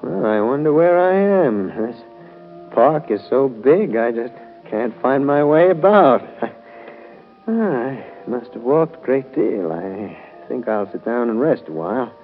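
An actor playing a prim, timid schoolteacher in an old radio play, who talks hesitantly and stammers when flustered. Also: male voice, medium pitch, lively intonation, measured pace, phone-quality sound, soft background music. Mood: fussy. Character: fussy, timid middle-aged male schoolteacher. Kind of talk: 1940s radio acting.

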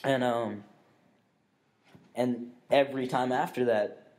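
Young male co-host, rambling storyteller, cursing, middle pitch. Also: steady tone, slow, darkish tone. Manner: rambling, swears often, many fillers and restarts. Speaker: podcast co-host. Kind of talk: casual storytelling chat.

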